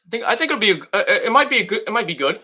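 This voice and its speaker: A very animated, high-pitched podcast host in his thirties talks rapid-fire, with the recording's highs cut off. His casual banter is rambling and profane, full of restarts and bursts of yelling.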